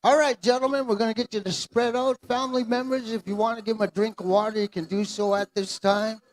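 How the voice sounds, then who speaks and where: A man's voice: sits high, fairly even intonation, quick pace. A man emceeing a pow wow, announcing live to dancers and crowd in an easygoing, joking way. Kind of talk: live event announcing over a PA. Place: outdoor pow wow arena.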